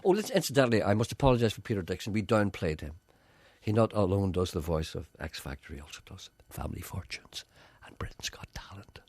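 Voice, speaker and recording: A man with a Northern Irish accent presenting a comedy radio show, telling wry, rambling stories with a deadpan touch. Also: deep voice, quick pace, dry recording. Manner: wry, drifting into tangents, deadpan storytelling.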